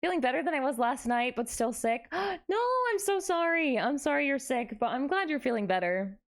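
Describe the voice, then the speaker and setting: A woman's voice: fairly high pitch, a little fast, creaky. A young adult woman streaming live, chatting casually with her viewers in a playful, dramatic way. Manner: animated, playful, dramatic exclamations.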